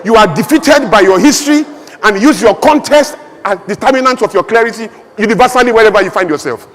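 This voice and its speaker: A man's voice: high voice, expressive, fast talker, a bit bright. A man from Nigeria, giving an emphatic, rhetorical speech with humorous asides as a conference speaker in a large event hall. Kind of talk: impassioned public speech. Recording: long hall reverb.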